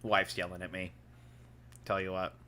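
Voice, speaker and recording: A man's voice: low voice, level tone, normal speed, bright, forceful tone. A man giving casual commentary while playing a card game, thinking aloud and chuckling often.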